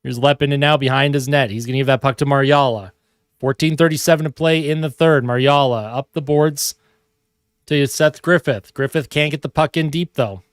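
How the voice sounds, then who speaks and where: A man's voice: mid-range voice, fairly even intonation, moderate pace, smooth, no echo, studio quality. A man doing live hockey play-by-play from home in a casual, chatty way, with asides to viewers. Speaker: hockey stream host. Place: home room.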